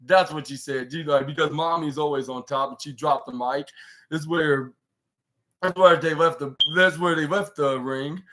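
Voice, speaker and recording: A man's voice: fairly high pitch, steady tone, normal speed, sharp tone. A man hosting a casual podcast, recapping a wrestling show in a rambling way, full of fillers, restarts and loosely paraphrased quotes.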